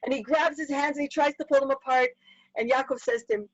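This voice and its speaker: A woman teaching a lively Torah class, explaining quickly and acting out the characters in sudden bursts. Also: high voice, dry recording. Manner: animated, acts out characters in bursts. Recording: dull muffled dry recording.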